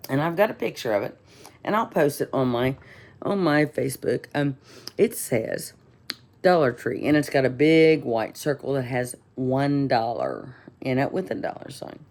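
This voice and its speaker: A woman's voice: a bass voice, lively intonation, moderate pace, a little mellow. A woman telling a rambling, indignant story in a casual vlog, full of fillers and restarts. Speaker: vlogger.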